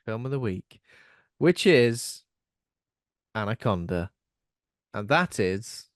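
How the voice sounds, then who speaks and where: A man's voice: lowish voice, very animated, takes it slowly, pauses often, no room sound, clean studio sound. A man co-hosting a podcast in casual chat, rambling and self-mocking, laughing often. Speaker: podcast co-host.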